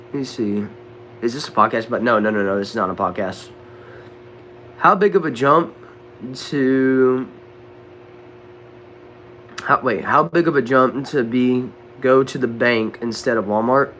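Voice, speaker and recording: A man's voice: mid-range voice, measured pace, pauses often, a bit bright, a little hiss or hum. Laid-back Southern man chatting with viewers. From Texas. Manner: laid-back, drawling, says bro and dude a lot. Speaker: livestream host reading chat. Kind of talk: casual livestream chat. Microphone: desk microphone.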